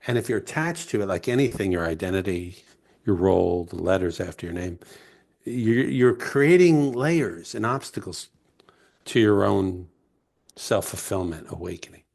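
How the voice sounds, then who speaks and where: A man from the United States, a guest author, telling heartfelt stories slowly and reflectively in an interview. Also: sits low, animated, gravelly, darkish tone. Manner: heartfelt, emotional, slow and searching.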